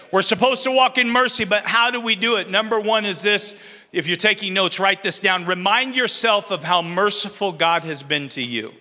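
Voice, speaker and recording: A man's voice: high voice, bright, forceful tone. A middle-aged man preaching a sermon in a church, conversational and self-deprecating, with jokes between points. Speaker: pastor. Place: church sanctuary. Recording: long reverb of a large hall.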